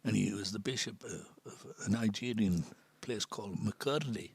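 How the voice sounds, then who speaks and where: A man's voice: on the low side, moderate pace, vocal fry, husky, no room sound. A man in his seventies with a North East English accent, a missionary priest telling stories in a chatty way, laughing often and dropping to a near whisper on serious points. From Sunderland, England. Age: 70s. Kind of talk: casual storytelling chat.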